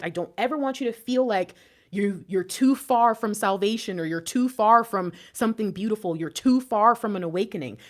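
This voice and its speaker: A woman giving an intuitive spiritual reading to camera in a casual, emotional way, exclaiming often and swearing offhandedly. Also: fairly high pitch. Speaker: intuitive tarot reader.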